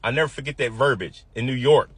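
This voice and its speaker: A man's voice: medium pitch, fast talker, breathy edge, dry recording. A man in his fifties from the US Midwest, telling a personal story vividly and acting out the quoted voices.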